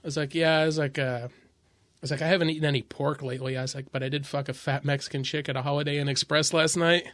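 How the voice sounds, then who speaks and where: A man's voice: fairly high pitch, fairly even intonation, quick pace, dry recording. A man hosting a podcast, telling stand-up road stories in a casual, profane way and laughing as he goes. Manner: profane, laughing, loud when acting out others. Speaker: podcast host and stand-up comedian. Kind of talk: casual storytelling chat. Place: podcast studio.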